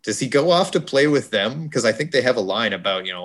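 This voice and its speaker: A man's voice: medium pitch, animated, fast, a bit bright. Guy co-hosting a podcast, rambly and jokey, talks over himself. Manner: rambling, jokey, self-correcting. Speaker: podcast co-host. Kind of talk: casual movie discussion chat.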